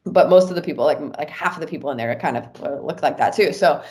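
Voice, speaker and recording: With a low voice and a fast delivery, a woman recounts something from her own life on a casual podcast. She's animated and leans heavily on "like."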